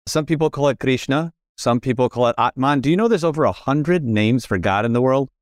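A man's voice: medium pitch, fairly quick, dry recording, clean studio sound. A middle-aged man talking as a podcast guest in casual conversation, earnest and repetitive, often correcting himself mid-sentence.

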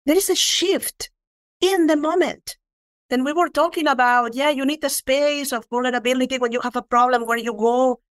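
A woman speaking earnestly and reflectively about letting go and forgiveness, slowing down to stress key points. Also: high-pitched, dry recording, clean studio sound. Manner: earnest, reflective, slows for emphasis. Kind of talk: spiritual talk on forgiveness.

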